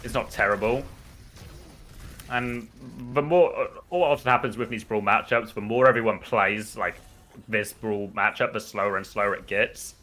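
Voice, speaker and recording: A man from the United Kingdom with a British accent, casually commentating a live esports match, rambling between plays and bursting with excitement at big moments. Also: fairly low pitch, moderate pace.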